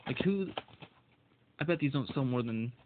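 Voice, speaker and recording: A man's voice: medium pitch, expressive, moderate pace, slight background noise. Furious swearing man, tinny sound. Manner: furious, swears constantly, stumbles over words. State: voice shaking with anger. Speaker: video game vlogger. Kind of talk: angry solo rant.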